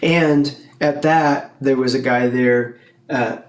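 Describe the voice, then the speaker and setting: A man's voice: medium pitch, steady tone, slow, echoey room, poor audio. A man who works on church staff, rambling through a casual podcast chat, correcting himself and chuckling often. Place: church studio room.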